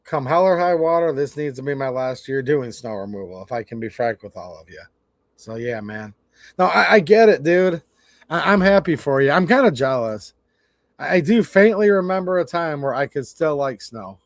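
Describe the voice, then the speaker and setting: Brief: man in his forties, high voice, dry close sound, casual livestream rant, stammers and rambles. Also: expressive, normal speed, no room sound. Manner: rambling, stammering, frustrated and blunt. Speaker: livestream host.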